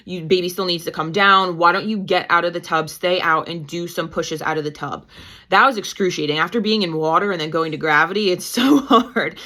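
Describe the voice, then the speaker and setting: A woman in her thirties, a midwife guest telling her story in a casual, animated way and acting out her own past lines. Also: fairly quick. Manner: animated, quotes herself with pitch jumps. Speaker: guest, certified nurse-midwife and mother.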